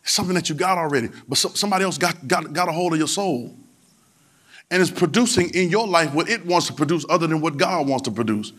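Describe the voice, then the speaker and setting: A man's voice: a little high, animated, fast talker, fairly bright tone. A man preaching a sermon in a colloquial manner, repeating phrases and urging the congregation to answer back. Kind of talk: sermon with call-and-response.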